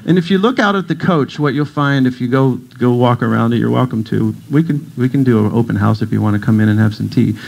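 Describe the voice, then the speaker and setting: A middle-aged man with a gravelly edge gives a casual talk to a church audience. He is a playful storyteller who slips into other people's voices for laughs. His pitch sits in the middle of the range. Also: quick pace, hardly any pauses, a little mellow, low-quality recording. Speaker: guest speaker, breathwork teacher. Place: congregation hall.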